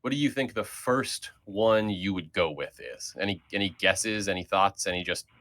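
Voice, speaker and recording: Guy hosting a loose chat online, kinda low voice, rambles with lots of ums. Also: normal speed, a bit bright. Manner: rambling, lots of fillers and restarts. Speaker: host leading the segment. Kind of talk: casual group chat.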